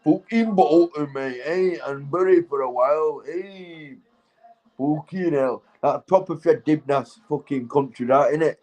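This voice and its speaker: A man's voice: on the high side, a little slow, mellow, rough recording. Rambling stoned Yorkshire man chatting. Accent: Yorkshire English. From Keighley, Yorkshire, England. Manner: rambling, sweary, laughing often. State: stoned and tipsy. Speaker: livestream host. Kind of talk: casual livestream chat with viewers.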